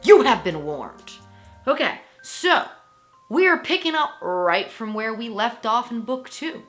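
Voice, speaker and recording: A woman giving a casual, chatty book review on her vlog, animated and full of fillers and laughs. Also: on the high side, measured pace, faint music behind.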